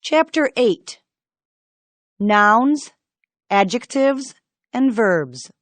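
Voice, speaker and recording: A woman reading pronunciation drills slowly, with careful, deliberate enunciation. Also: fairly high pitch, animated, no echo. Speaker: pronunciation teacher. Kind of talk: slow scripted drill reading.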